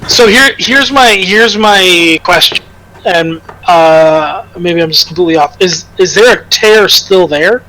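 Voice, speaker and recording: A man's voice: sits high, unhurried, sharp tone, low-quality recording. A man playing a tabletop game, asking hesitant questions with restarts. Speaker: player. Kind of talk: casual tabletop play.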